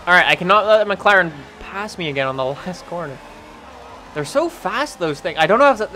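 A young man from Canada giving rambling, excitable let's-play commentary over a racing game, often jumping into high yelps. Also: a little hiss or hum. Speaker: gaming channel host.

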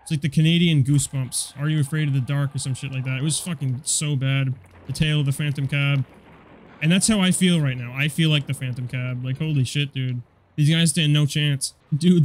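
A young man giving casual, profane commentary over a car combat game, rambling and quick to get annoyed. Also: on the high side, slight background noise. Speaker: gameplay commentator.

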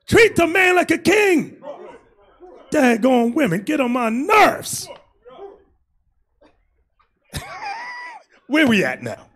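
A man preaching as a bishop in a loose, comic style, animated and often shouting, acting out quotes. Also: extremely high pitch, slow, pauses often.

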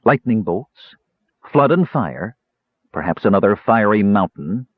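A man voicing a young male mage who speaks softly with cynical, mocking sarcasm. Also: lowish voice, expressive, unhurried, husky, no room sound. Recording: dry, slightly dull recording.

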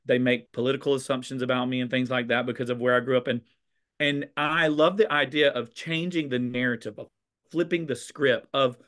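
A man from the American South with a Southern accent, chatting over a video call about teaching, expressive with a little sass. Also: medium pitch, a little fast. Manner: expressive, a bit sassy, warm storytelling. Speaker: teacher and conversation host. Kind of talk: casual video chat.

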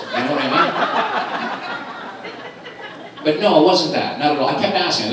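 Man, middle-aged, stand-up comedian, animated storyteller, far from the mic, very echoey club, audience laughing. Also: racing. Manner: animated storytelling, jumping into high squeaky voices for his son and wife. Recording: live club recording from a distant mic, with an echoey room and crowd noise.

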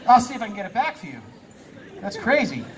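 This hypnotist's voice is high-pitched and sing-song, and he talks fast. Recorded distantly from a live theater stage, his show patter has him issuing playful commands to volunteers while laughing a lot.

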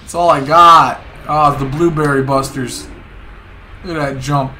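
A young man streaming a game, excitedly commenting, swearing and repeating words to himself. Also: a little high, a little slow, slight background noise. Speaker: gaming streamer. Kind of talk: casual gameplay commentary.

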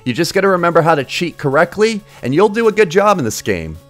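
Brief: male game streamer, casual crude sarcastic commentary, slightly high pitch. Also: very animated, fast, no room sound, faint music behind. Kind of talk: casual live-stream commentary while gaming.

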